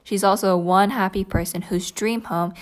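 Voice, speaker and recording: A woman's voice: medium pitch, fairly even intonation, moderate pace. Giggly woman podcast co-host. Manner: giggly, playful, rambling. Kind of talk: casual podcast chat.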